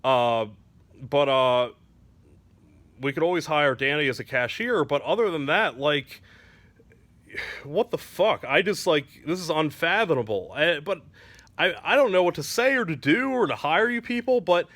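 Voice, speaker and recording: A man's voice: fairly high pitch, lively intonation, normal speed, a bit bright, no echo. A man voicing a bewildered male store manager who stammers and swears in confusion.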